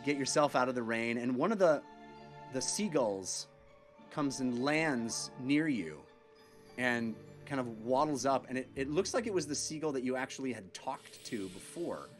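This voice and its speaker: A man's voice: mid-range voice, expressive, moderate pace, faint music behind. A man running a tabletop game as game master, giving vivid, descriptive narration full of small restarts.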